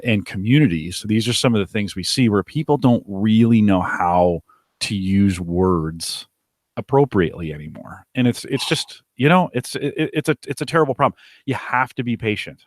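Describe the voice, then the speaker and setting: A man's voice: on the low side, dry recording, clean studio sound. A man co-hosting a podcast, talking casually and rambling, often restarting his sentences. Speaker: podcast co-host.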